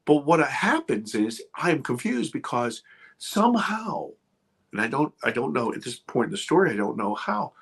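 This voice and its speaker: A middle-aged man with a husky, slightly breathy voice tells a dramatic personal story on a podcast. He swings between loud, urgent bursts and hushed near-whispers and keeps restarting his sentences. His pitch sits in a plain middle range. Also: sing-song, normal speed. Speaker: guest filmmaker. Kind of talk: animated storytelling.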